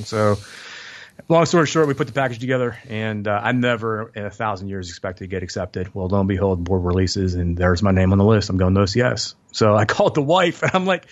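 A man, a former tank officer, tells his service stories fast and with energy, slipping into the voices of the people in them. His voice sits a bit low. The sound is dull and lo-fi. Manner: animated, quotes others in his stories. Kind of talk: storytelling in a casual interview.

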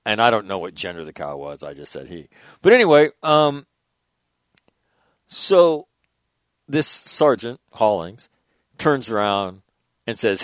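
A man in his sixties, a former military officer, telling profane, animated stories in casual conversation. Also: lowish voice, measured pace, long pauses, dry recording, clean studio sound. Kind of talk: casual storytelling.

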